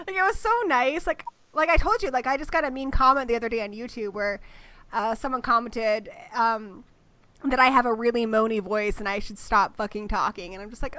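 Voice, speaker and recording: A woman's voice: on the high side, bright, forceful tone, dry recording. A woman hosting a livestream, chatting casually in an upbeat, joking way; she grew up in Australia. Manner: chatty, upbeat, quick to joke. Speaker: host.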